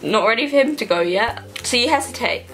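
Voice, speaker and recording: A woman's voice: fairly high pitch, animated, fairly quick, a bit bright, faint music behind. Playful rambling young woman vlogger. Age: young adult. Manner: playful, rambling, self-mocking jokes. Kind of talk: casual comedic vlog monologue.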